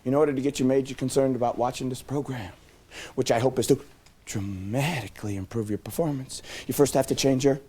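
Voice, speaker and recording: A man's voice: medium pitch, brisk, slightly rough. A middle-aged man presenting a live self-help seminar, joking and coaxing his audience to answer back. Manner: animated, joking, coaxing call-and-response with audience.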